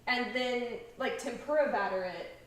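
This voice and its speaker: A woman's voice: a little high, moderate pace. A young woman hosting a home cooking show, chatting and giggling casually as she cooks. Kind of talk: casual chat while cooking. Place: home kitchen. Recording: echoey kitchen, mic far off.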